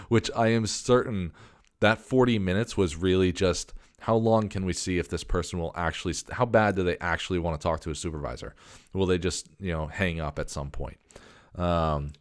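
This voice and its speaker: Low-voiced man ranting a story. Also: moderate pace, no room sound, clean studio sound. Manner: exasperated, profane rant with many restarts. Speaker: podcast host. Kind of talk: casual storytelling.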